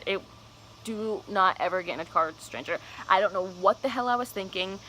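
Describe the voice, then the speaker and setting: A woman's voice: medium pitch, brisk, bright, forceful tone, a little hiss or hum, rough recording. A young woman telling a personal story on her vlog, casual, candid and cursing freely. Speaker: vlogger.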